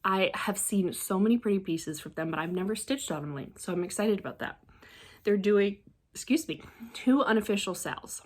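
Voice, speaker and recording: A woman chatting casually as a crafting vlogger, excitable and rambling, often trailing off and restarting. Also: mid-range voice, moderate pace. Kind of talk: casual show-and-tell chat.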